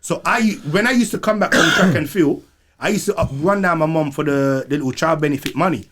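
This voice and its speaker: A man's voice: a little high, brisk, a bit bright. Man, from Montserrat, young adult, guest, casual chat, slang-heavy, heartfelt. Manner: slang-heavy, emotional storytelling.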